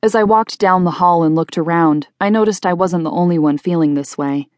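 A woman reads a first-person novel aloud in a plain, steady storytelling way. Her voice sits notably low for a woman, and the recording is dry and close. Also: a little fast, no room sound. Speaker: audiobook narrator. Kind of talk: first-person audiobook narration.

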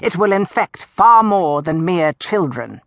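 A woman voicing a pompous village chaplain who speaks slowly and solemnly. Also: fairly low pitch, animated, fairly bright tone, no echo, clean studio sound. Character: pompous double-chinned village chaplain man.

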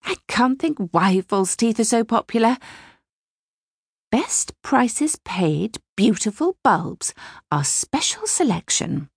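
A woman reads a fussy middle-aged mother who chatters on and gossips. The voice swoops lively and carries a husky, gravelly edge, in a dry close recording. The manner stays prim and scandalised. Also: medium pitch, no room sound, heavily acted. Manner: prattling, gossipy, easily scandalised. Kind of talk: audiobook character reading.

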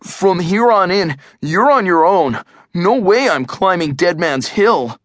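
A male narrator gives a frightened, melodramatic boy for a storybook reading. His voice rides well above his usual pitch and swings widely. It sounds close and dry. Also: expressive, slow pace, a bit bright, dry recording, exaggerated voice. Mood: fretful. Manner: pleading, anxious. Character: bickering boy, scared and dramatic. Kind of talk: audiobook character voice.

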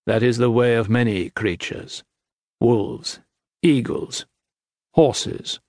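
A man narrating an epic fantasy audiobook in a measured, grave manner. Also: mid-range voice, a little mellow, no room sound, clean studio sound. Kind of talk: scripted narration.

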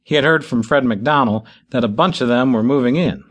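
A man narrating an audiobook in an expressive storytelling style. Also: medium pitch, fairly quick. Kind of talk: scripted narration.

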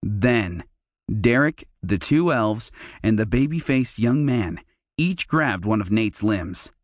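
A man narrating a children's fantasy audiobook in a measured, storytelling manner. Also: on the low side, expressive, no room sound. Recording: dry close studio mic.

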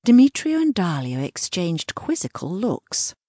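A woman narrates a children's audiobook in a measured, storytelling way. Her voice is low and slightly husky. The recording is close and dry. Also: animated, a little mellow, no echo.

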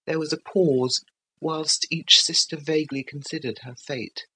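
A woman reading a classic novel as an audiobook narrator, in a measured literary manner. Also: low-pitched, fairly even intonation, pushed and bright, husky.

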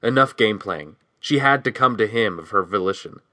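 A man giving steady scripted audiobook narration, reading a novel and voicing its dialogue quietly. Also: on the low side, moderate pace, dry recording.

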